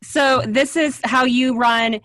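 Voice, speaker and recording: A woman's voice: high voice, steady tone, takes it slowly, a crowd in the background. A middle-aged woman hosting a podcast, affirming her guest and asking questions about parenting. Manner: encouraging, affirming, frequent back-channel. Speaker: podcast host. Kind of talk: podcast interview.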